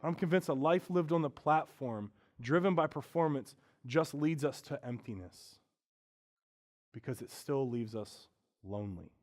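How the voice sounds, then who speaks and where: A pastor preaching a sermon, earnest and candid, moving from quiet reflection to loud, animated stretches. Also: male voice, mid-range voice, unhurried.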